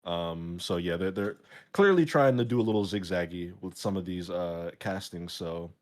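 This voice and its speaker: Rambling low-voiced man hosting a show. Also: normal speed. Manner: rambling, jokey, many fillers. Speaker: show host. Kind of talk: casual podcast chat.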